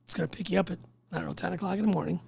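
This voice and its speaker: A firefighter guest on a podcast races through his story in a high, gravelly man's voice. He curses freely and jumps into the voices of everyone involved. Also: very fast. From Chicago. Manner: animated, swearing, acts out others' lines. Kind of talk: storytelling in casual podcast chat.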